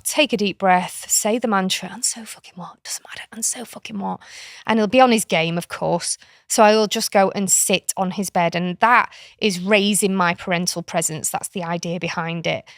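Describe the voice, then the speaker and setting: The recording is dry and clean, studio-made, carrying a middle-aged British woman's mid-range voice. She's a podcast guest, an author and kinship carer, frankly and chattily explaining a parenting approach in a relaxed conversation and slipping into playful voices along the way.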